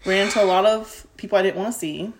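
A woman's voice: mid-range voice, fast talker, slight background noise. A young woman co-hosting a podcast, chatting casually and bubbly, often chiming in and laughing. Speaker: podcast co-host. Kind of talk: casual chat.

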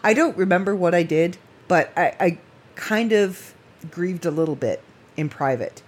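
A woman talks on her own podcast late at night, rambling from one thought to the next. Her voice is husky and a little breathy, pitched on the low side. She gets emotional and laughs often. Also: normal speed. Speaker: podcast host. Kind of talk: casual late-night monologue.

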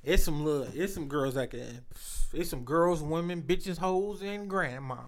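A man's voice: a little high, unhurried. A man in casual chat, telling loose, profane stories full of slang.

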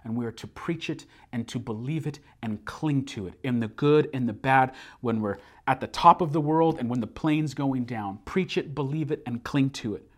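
Young man preaching, earnest, middle pitch, builds to emphatic refrains. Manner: slows down to recite a memorized creed. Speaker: pastor. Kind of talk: sermon.

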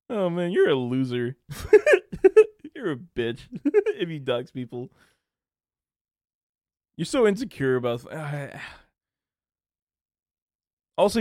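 Lively young man ranting on a podcast. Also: mid-range voice, no echo, studio quality. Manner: ranting, laughing often, crude; acts out quoted people in raised voices. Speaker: podcast host. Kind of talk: casual solo rant.

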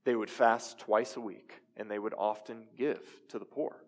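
In a hall full of reverb, a young man serving as pastor delivers a conversational sermon. His fairly low voice holds an even intonation at normal speed as he asks the congregation questions.

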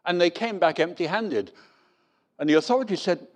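A man's voice: high-pitched, normal speed. A man preaching a sermon, telling stories with wry humour. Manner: lively storytelling with wry humour.

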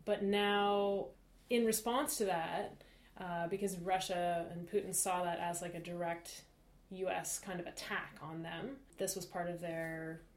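A woman co-host talks through a subject in quick, chatty bursts, full of fillers and restarts. Her voice sits a little low for a woman. The room around her has a noticeable echo. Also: fairly even intonation. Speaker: podcast co-host. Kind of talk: casual discussion. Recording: roomy echo.

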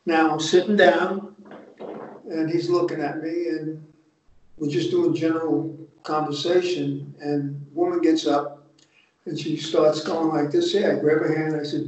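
This older North Jersey man, a retired undercover agent, tells his stories bluntly and with lots of profanity in a casual interview, streetwise and unpolished. His voice sits on the high side with a darkish tone, and his delivery is flat and a little slow. The remote audio sounds distant, echoey and muffled.

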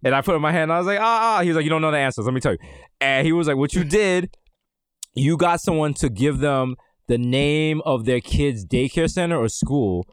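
A man co-hosts a comedic podcast in casual banter, riffing through jokes and stories. His voice sits slightly high for a man. The studio mic is close and dry, with no room around it. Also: fairly quick, clean tone, dry recording. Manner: joking, riffing, puts on voices for quotes. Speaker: podcast co-host. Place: recording studio. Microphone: studio microphone.

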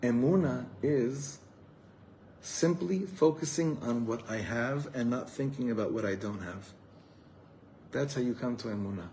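This low-quality recording, with a little background noise, captures a rabbi from Los Angeles addressing a live evening audience with earnest warmth. His voice is medium in pitch, a bit slow, and dark in tone; he drops in Hebrew terms and often repeats words as he gropes for them.

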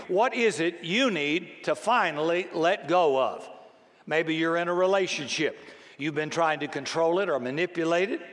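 Older man preaching in an echoing hall. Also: on the high side. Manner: conversational, self-deprecating, acts out voices in stories. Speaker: pastor. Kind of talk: sermon. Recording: long hall reverb.

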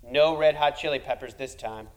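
A man's voice: on the high side, normal speed, poor audio. A man telling a comic personal story, wry and self-deprecating, building to punchlines.

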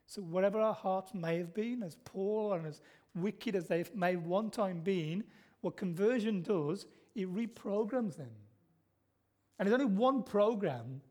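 A man's voice: sits high, a little slow, a little mellow. A middle-aged man preaching a sermon in a church, telling stories and asking the congregation questions that he answers himself. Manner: storytelling, asks the congregation questions and answers them. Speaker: pastor.

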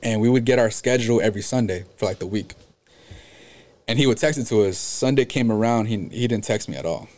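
Young man, casual storytelling, low voice, rapid pace, heavy slang and swearing. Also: a little mellow. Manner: loose slangy storytelling, heavy cursing, many "like" fillers. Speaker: podcast guest telling a story. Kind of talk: casual chat.

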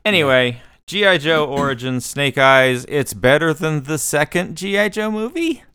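Animated man reviewing movies, smooth voice. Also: moderate pace, no room sound. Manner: animated, emphatic storytelling with jumps in pitch. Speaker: podcast co-host. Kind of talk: casual movie review chat.

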